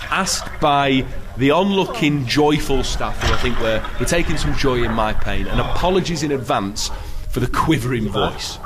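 An upbeat man presents his vlog with an enthusiastic delivery, his voice sitting in a middle pitch. His narration sounds like that of a video presenter. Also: background noise.

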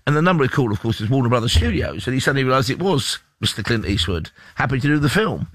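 A man's voice: mid-range voice, very animated, rapid-fire, fairly bright tone, no echo. A man hosting a sports radio show, presenting with jokey banter. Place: radio studio.

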